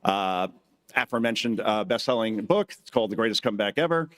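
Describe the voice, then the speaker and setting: A man's voice: on the low side, expressive, brisk, fairly bright tone. Joking male conference speaker. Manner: joking storyteller who acts out quotes in shifting voices. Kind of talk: live speech with anecdotes. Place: conference hall stage.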